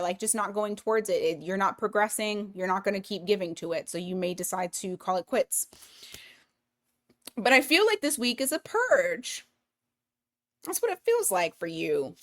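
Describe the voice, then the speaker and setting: A woman's voice: medium pitch, expressive, moderate pace, a bit bright. A woman giving a casual weekly tarot reading, blunt and profane, thinking aloud as she pulls cards. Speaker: tarot reader.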